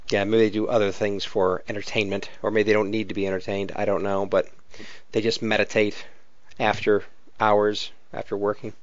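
Man, relaxed podcast co-host, dry dull home mic. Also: lowish voice, moderate pace, no echo. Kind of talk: casual chat and read synopsis.

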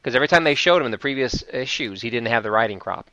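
Bright-voiced rambling man. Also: medium pitch, lively intonation, very fast, no room sound. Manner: rambling, laughs often, trails off. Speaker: podcast co-host. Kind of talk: casual chat.

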